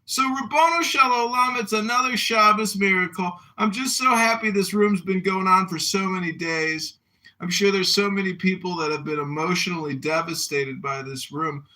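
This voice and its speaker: A man hosting a social audio room, delivering a sarcastic, theatrical rant that breaks into loud chanting. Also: high-pitched, steady tone, normal speed. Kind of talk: mocking satirical rant.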